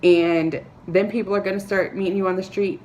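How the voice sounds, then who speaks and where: A woman talking to camera, giving earnest, encouraging advice with soft laughs and filler words. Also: medium pitch, steady tone, brisk, a little hiss or hum. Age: adult, a parent. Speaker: vlogger. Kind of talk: motivational talk to camera.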